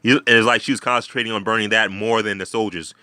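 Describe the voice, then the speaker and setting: A man with a deep voice and a forceful, bright edge talks through a TV episode. He rambles, restarts sentences and swears casually. The recording is dry, with no room sound. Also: fairly even intonation, fast, no room sound. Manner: rambling, many fillers and restarts, swears freely. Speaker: video host.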